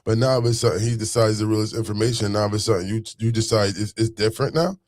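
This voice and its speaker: A man's voice: lowish voice, fairly even intonation, rapid-fire, darkish tone, no room sound. A man telling a story in a casual monologue, full of street slang, repeating phrases as he goes on a rant.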